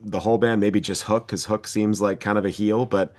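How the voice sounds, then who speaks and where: Rambling low-voiced man chatting. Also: steady tone, a little fast, darkish tone. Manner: rambling, lots of "like". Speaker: podcast co-host. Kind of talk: casual podcast discussion.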